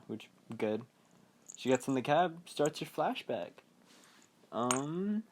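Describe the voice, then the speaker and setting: A young man hosting a podcast, recapping a film in a rambling, casual way, full of fillers and quick mock quotes. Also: mid-range voice, darkish tone. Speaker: podcast host.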